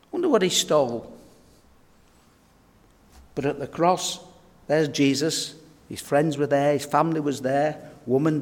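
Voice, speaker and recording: A man preaches a sermon, telling stories and turning straight to his listeners. His mid-pitched voice carries a long echo through a hall. He keeps the delivery direct and conversational. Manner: storytelling, direct address to the audience.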